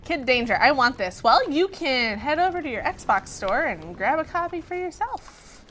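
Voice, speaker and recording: A woman's voice: high voice, sing-song, normal speed, pushed and bright, a little hiss or hum. A woman hosting a gameplay stream, playful and chatty while she plays and reads the chat. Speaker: stream host.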